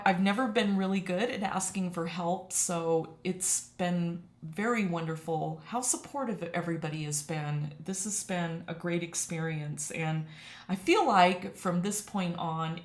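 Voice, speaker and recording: Chatty woman teacher in an echoey room. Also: fairly low pitch. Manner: chatty, emotional, laughs often. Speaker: watercolor teacher. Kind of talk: casual live-stream chat.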